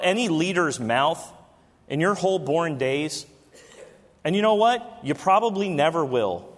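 High-voiced male preacher in a reverberant hall. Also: a bit bright. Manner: conversational preaching with rhetorical questions to the congregation. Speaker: pastor. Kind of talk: sermon. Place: church sanctuary during a service. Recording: long reverb of a large hall.

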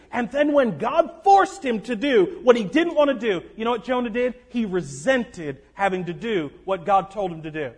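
A man preaching a sermon as a guest speaker, animated and acting out grumbling churchgoers. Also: high voice, slightly rough. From North Carolina.

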